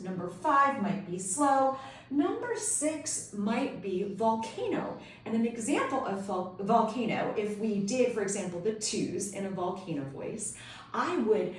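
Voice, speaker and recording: A woman's voice: medium pitch, a little hiss or hum. Upbeat woman tutor, instructional video, very echoey room, mic at a distance. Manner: upbeat, enthusiastic explaining. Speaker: homeschool co-op tutor.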